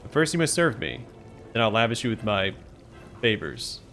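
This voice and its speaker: A man's voice: fairly low pitch, sing-song, moderate pace, fairly bright tone, a little hiss or hum. A man voicing a petulant female fecal demon queen who whines and boasts like a spoiled princess. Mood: petulant whining. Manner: whining, smug, self-pitying.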